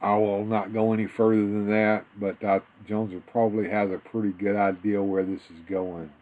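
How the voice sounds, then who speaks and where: A man's voice: on the low side, level tone, moderate pace. A man co-hosting a casual live stream, rambling and restarting his sentences as he chats. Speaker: co-host of a toy live stream. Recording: tinny phone-like audio.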